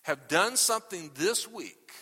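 A male pastor preaching a sermon to his congregation, animated and tagging "okay?" onto nearly every point. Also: high-pitched, measured pace, slightly rough, big-room sound. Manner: animated, repeats "okay?" constantly. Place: church sanctuary. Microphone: microphone.

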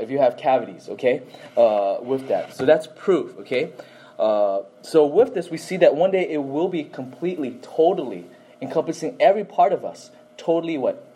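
A man's voice: medium pitch, mellow, slightly rough, poor audio. A man teaching a Bible class, often quizzing listeners with questions and adding "okay?" to his points.

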